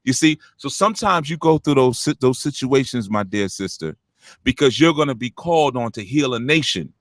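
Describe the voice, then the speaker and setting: Man, deep punchy voice, blunt preacherly spiritual talk, animated, dry close sound. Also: normal speed, no echo. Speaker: spiritual teacher hosting a call-in show.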